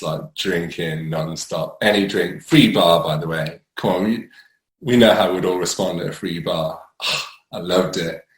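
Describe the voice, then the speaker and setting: Deep-voiced young man, frank and rambling. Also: vocal fry, roomy sound, low-quality recording. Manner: rambling, frank, many fillers and restarts, laughs at himself. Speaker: storyteller sharing his recovery story. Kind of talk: candid personal monologue.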